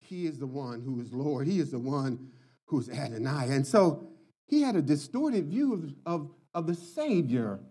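A man's voice: a little high, lively intonation, moderate pace, dark tone, slightly rough. A man preaching a sermon, telling stories and stressing his points by repeating words, and chuckling as he tells them. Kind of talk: sermon with storytelling.

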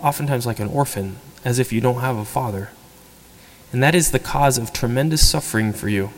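A male priest giving a sermon in a casual, conversational tone. He acts out the people he quotes with animated energy, and his voice has a middle pitch. The church adds a long, lingering reverb to every phrase.

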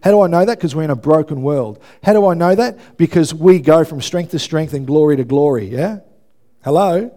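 High-voiced pastor preaching. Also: male voice, expressive, a little fast. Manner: emphatic, building to loud preaching, asks the congregation for responses. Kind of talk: sermon. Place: church before a congregation.

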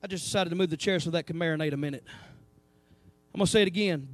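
A man preaching a sermon to his church, animated, breaking into asides and calling out to the congregation. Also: on the high side, racing, dry recording. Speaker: pastor. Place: church sanctuary.

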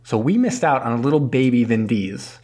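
A man talking through a movie plot in loose, chatty podcast style. He rambles, laughs at his own jokes and slips in quick voices for the characters. His voice sits at an ordinary middle pitch. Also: animated, darkish tone. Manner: rambling, laughs often, acts out characters' lines. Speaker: podcast co-host. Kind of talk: casual movie recap chat.

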